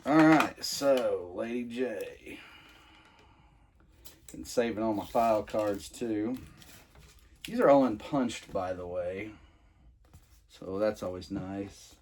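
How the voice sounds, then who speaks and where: A man's voice: fairly low pitch, a little mellow, a little hiss or hum. A man casually reviewing toys he is unboxing, rambling with many fillers and restarts. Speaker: toy reviewer.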